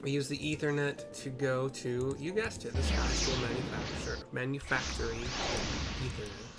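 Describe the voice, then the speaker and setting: A man's voice: mid-range voice, moderate pace, vocal fry. A man giving casual, rambling commentary on a game playthrough and often correcting himself. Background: game music.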